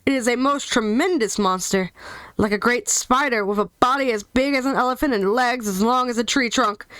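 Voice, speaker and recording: A woman's voice: on the high side, normal speed, a bit bright, no echo, lightly acted. A woman reading aloud, voicing a grave tiger who leads the forest beasts. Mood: solemn.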